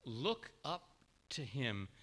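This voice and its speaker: A man's voice: mid-range voice, very animated, extremely slow, bright, forceful tone. A man preaching a sermon, telling a story with feeling and briefly voicing the characters.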